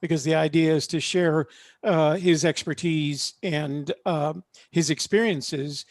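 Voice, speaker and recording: Man on a video call, gravelly, pitched a little high, halting pitch-style delivery, dry sound. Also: steady tone, no room sound. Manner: salesy, halting with many fillers. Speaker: panel attendee offering live-stream production. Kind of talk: casual online panel chat. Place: home studio.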